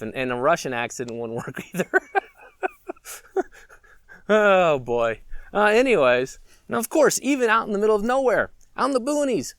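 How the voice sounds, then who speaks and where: A man's voice: high-pitched, fairly bright tone, no room sound, clean studio sound. A man hosting a prepper vlog, talking in a casual, rambling way and chuckling to himself as he muses. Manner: rambling, chuckling, musing aloud. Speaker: prepper channel host.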